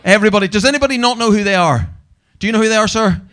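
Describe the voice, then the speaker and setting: A man's voice: sits high, racing, a bit bright. A man with a Northern Irish accent doing a brash, sweary live stand-up set and teasing the audience. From Northern Ireland. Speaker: stand-up comedian. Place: comedy venue stage.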